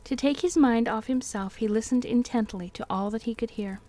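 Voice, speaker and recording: A woman reading a fantasy novel aloud on a live stream in a calm, steady storytelling voice. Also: on the high side, moderate pace. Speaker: reader and streamer.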